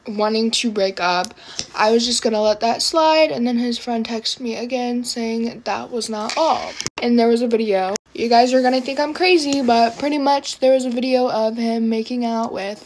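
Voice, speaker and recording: A woman's voice: a little high, slight background noise. A woman telling a personal story in a casual get-ready-with-me video, chatty and full of fillers.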